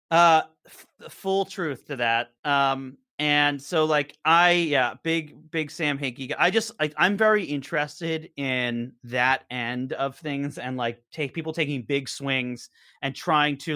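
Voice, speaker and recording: A man's voice: a little high, slow, bright, forceful tone, clear, resonant tone, no echo, clean studio sound. A young adult man telling stories as a podcast guest in casual chat, rambling with many fillers and restarts. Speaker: podcast guest, show co-creator.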